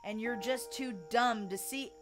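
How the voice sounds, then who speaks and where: A woman's voice: on the high side, a little slow, over music, natural voice. A woman with a Southern US accent voicing a young man who wryly recounts an awkward scene to a friend in a visual novel. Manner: wry, conversational storytelling. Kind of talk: reading a visual novel aloud.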